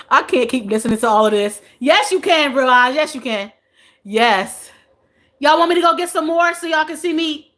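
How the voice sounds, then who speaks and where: A woman in her forties hosts a casual live stream, playfully chatting with viewers, reading their comments and laughing often. Her voice is high and a bit bright.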